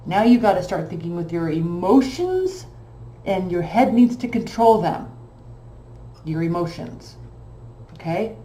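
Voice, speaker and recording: A woman's voice: fairly low pitch, animated, a little slow, pauses often, mellow, reverberant, poor audio. A woman reading tarot cards in a blunt, emphatic way, repeating phrases for stress. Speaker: tarot reader.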